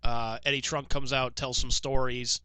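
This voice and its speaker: A man co-hosting a casual podcast, telling stories with lots of laughter, throat clearing and quoted voices. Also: mid-range voice, level tone, moderate pace, sharp tone. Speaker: podcast co-host. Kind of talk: casual chat.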